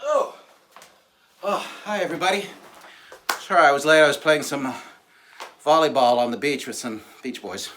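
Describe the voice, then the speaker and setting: A man's voice: fairly high pitch, normal speed, pauses often, a bit bright, slight background noise. A man hosting a children's show, upbeat and encouraging, leading a sing-along. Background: music.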